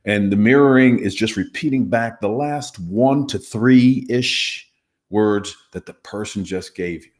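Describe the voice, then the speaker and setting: A man's voice: lowish voice, unhurried, darkish tone. A man, a former hostage negotiator, explaining communication skills in an emphatic, instructive way during an interview. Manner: emphatic, instructive, demonstrates inflections. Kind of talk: conversational teaching interview.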